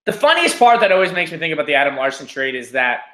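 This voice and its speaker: A man co-hosting a casual hockey podcast, ranting in an animated way and often saying "like" and "listen". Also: fairly high pitch, fast, roomy sound. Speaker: podcast co-host.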